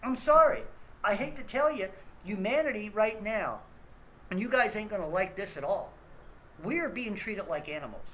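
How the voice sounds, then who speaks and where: A man's voice: high voice, expressive, normal speed, a bit bright, a little hiss or hum, low-quality recording. Guy ranting and cussing at his viewers, voice swings way up and down, keeps repeating himself. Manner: blunt, profane, repeats himself, scolds the listener. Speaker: host of a rant show. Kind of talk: angry ranting monologue.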